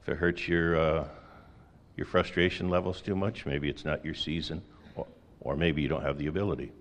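A man's voice: very deep voice, fairly even intonation, fairly quick. A middle-aged man preaching a sermon in a conversational way, with folksy asides and rhetorical questions. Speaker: pastor.

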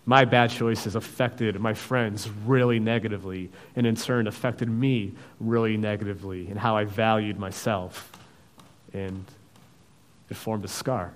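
A man preaching a sermon, reading scripture and acting out the characters' lines with sudden loud outbursts. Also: lowish voice, steady tone, measured pace. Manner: acts out biblical voices, dramatic swings in loudness.

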